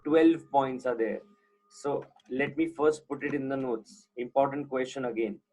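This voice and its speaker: A man's voice: mid-range voice, fairly even intonation, unhurried, a little mellow, husky, low-quality recording. A man with an Indian accent teaching an accounting class online, switching between English and Hindi and often checking whether students follow. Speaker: accounting lecturer. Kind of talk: live online lecture.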